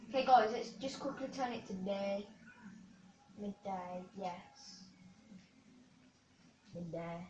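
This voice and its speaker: A woman's voice: mid-range voice, takes it slowly, long pauses, warm tone, slight background noise. A woman giving chatty live gameplay commentary to her viewers, with sudden cheers and yelps. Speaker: gaming video creator. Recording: roomy, distant, dull lo-fi sound.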